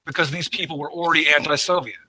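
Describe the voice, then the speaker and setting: Angry high-voiced man arguing. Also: fairly even intonation, rapid-fire, pushed and bright, dry recording. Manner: angry, insistent, profane. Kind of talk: heated online argument.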